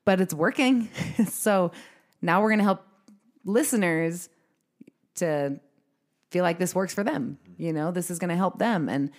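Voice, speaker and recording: A woman's voice: lowish voice, unhurried, pauses often, darkish tone. A woman hosting a podcast in casual conversation, chatty and laughing often as she talks. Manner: chatty, laughs often, quotes herself in asides. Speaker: podcast host.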